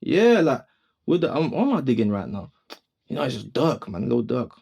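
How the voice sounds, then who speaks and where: A young man co-hosting a studio podcast, chatting casually in a slangy, rambling way with quick restarts. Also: medium pitch, big pitch swings, creaky, a little mellow, breathy edge. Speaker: podcast co-host. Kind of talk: casual chat.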